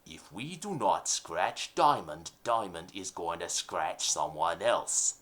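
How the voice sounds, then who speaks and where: A man voicing a gruff 1930s mafia boss who speaks slowly and commands. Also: expressive, a bit bright, full character voice. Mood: menacing. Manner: slow, low, commanding.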